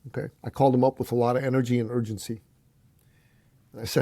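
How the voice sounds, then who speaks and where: A man's voice: mid-range voice, little pitch movement, quick pace, mellow, no echo. A man as a podcast guest, telling a motivational story in an emphatic, punchy way and challenging the listener.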